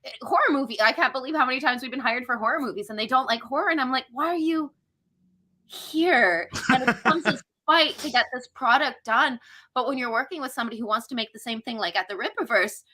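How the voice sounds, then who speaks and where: A woman's voice: a little high, fast talker, few pauses. A woman guest in casual podcast chat, swearing freely and acting out quoted people as she talks. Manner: profane, animated, acts out quoted people. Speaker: guest filmmaker.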